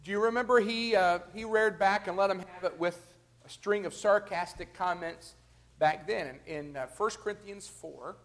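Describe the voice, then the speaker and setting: A man's voice: high voice, moderate pace, a bit bright. A man teaching a Bible study class in a conversational way, explaining scripture verse by verse and speaking directly to his listeners.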